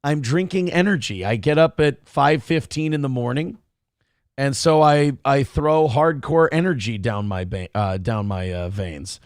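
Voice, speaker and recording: A man's voice: mid-range voice, measured pace, no echo, clean studio sound. A man from Minnesota hosting an internet morning show, reading viewer donations aloud and riffing on the news in a crude, blunt, sarcastic way. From Minnesota, USA.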